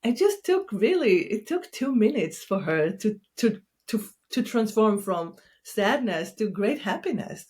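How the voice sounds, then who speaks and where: A woman therapist speaking in a gentle, soothing, unhurried way during a reflective conversation. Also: medium pitch, very animated.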